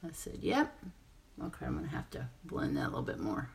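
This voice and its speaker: Chatty woman with a low voice, rambling through a live makeup demo. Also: animated, rapid-fire, vocal fry, darkish tone, husky. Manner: chatty, rambling, answers viewer comments. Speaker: makeup seller and presenter. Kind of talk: casual live makeup tutorial.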